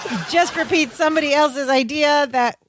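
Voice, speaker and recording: Lively woman co-hosting a podcast. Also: high-pitched, a little fast, a little hiss or hum. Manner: animated storytelling, acts out the characters' lines; laughs often while talking. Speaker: podcast co-host. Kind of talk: casual chat recapping a sitcom episode.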